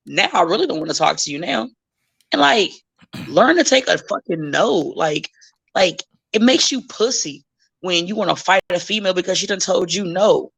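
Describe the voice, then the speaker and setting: Gravelly-voiced woman, blunt and profane. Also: lowish voice, brisk. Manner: blunt, profane and animated, acting out quoted people. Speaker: professional wrestler, guest. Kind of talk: casual interview chat.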